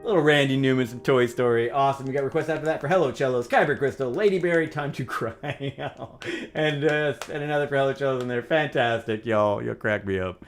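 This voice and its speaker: A man's voice: medium pitch, brisk. A man hosting a livestream, talking casually between piano songs and laughing often. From United States. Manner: upbeat, chatty, laughs often. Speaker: livestream host and pianist. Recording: piano music under the voice. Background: piano music.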